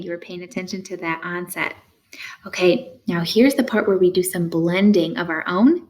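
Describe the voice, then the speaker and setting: A woman's fairly low-pitched voice guides a phonics lesson for young students. Slow, distinct prompts are followed by pauses for replies, and her praise stays steady throughout.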